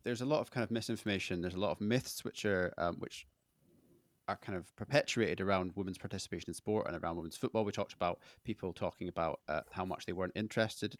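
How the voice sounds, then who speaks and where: A man's voice: low-pitched, quick pace, no room sound. A man hosting a podcast interview, asking long, rambling questions full of fillers. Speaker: podcast host.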